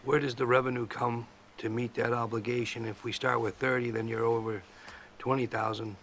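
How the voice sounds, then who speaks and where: A man's voice: mid-range voice, level tone, brisk, vocal fry, fairly bright tone, slight background noise. A man on a school committee asking direct, number-focused budget questions at a meeting.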